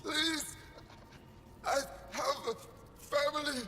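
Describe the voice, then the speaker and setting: A terrified alien prisoner begs for mercy, his voice pitched very high and gravelly. A long reverb trails every word over loud background noise. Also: fairly even intonation, takes it slowly, exaggerated voice. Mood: begging. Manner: pleading. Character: desperate alien male prisoner begging. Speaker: game character. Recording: echoey game audio with loud noise.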